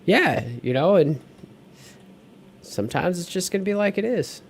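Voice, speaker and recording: A man's voice: high-pitched, expressive, moderate pace, a little hiss or hum. A man co-hosting a casual podcast chat, rambling with lots of fillers and restarts. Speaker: podcast co-host.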